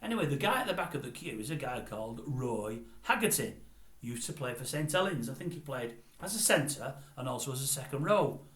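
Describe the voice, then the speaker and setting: A man's voice: mid-range voice, moderate pace, fairly bright tone. An older man, telling a long, rambling story in a chatty, digressive way as a vlogger. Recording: roomy echo.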